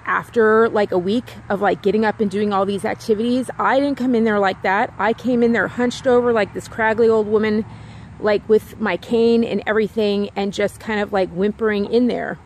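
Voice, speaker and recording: A woman's voice: fairly high pitch, a little hiss or hum. A woman vlogger in a casual, rambling chat, talking outdoors near her home and repeating herself with lots of "like"s.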